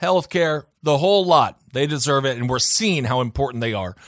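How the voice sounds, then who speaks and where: A man co-hosting a casual comedy podcast, making crude jokes with lively, exaggerated reactions. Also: medium pitch, moderate pace, dry recording, studio quality. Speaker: podcast co-host.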